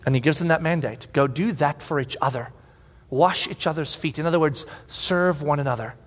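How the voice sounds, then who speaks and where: High-voiced pastor preaching in a reverberant hall. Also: male voice, brisk. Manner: animated storytelling, acts out shouted quotes. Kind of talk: sermon.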